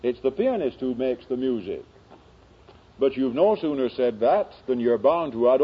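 A man preaching a sermon in slow, dramatic oratory that builds to emphatic peaks. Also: medium pitch, very animated, husky, highs cut off.

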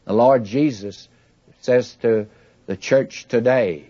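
A man's voice: mid-range voice, takes it slowly. A man preaching a folksy, conversational Bible sermon with friendly asides to the listeners. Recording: muffled older recording.

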